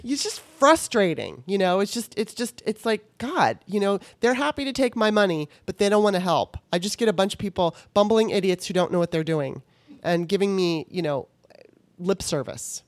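A woman's voice: medium pitch, lively intonation, moderate pace, no echo. Exasperated woman ranting on a podcast. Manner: exasperated, profane, storytelling with quoted dialogue. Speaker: podcast host. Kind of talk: casual podcast rant.

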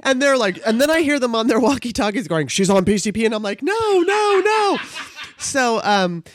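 A woman's voice: a little high, fast, background noise. A woman from Southern California telling a personal story in casual chat. She acts out the voices of the people in it and laughs as she goes.

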